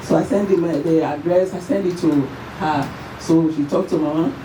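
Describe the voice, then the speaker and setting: A Nigerian woman giving an emotional tribute at a memorial service, her voice shaking as she tells the story in halting, repeated phrases. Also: low-pitched. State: tearful, voice shaking. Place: church or event hall at a memorial service. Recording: echoey hall, far from the mic, faint noise.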